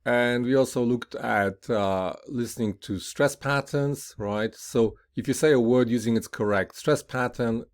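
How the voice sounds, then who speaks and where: A man teaching an English pronunciation lesson, explaining each rule slowly and deliberately, often checking in with "right?" and saying word pairs aloud with clear, emphatic stress. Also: lowish voice.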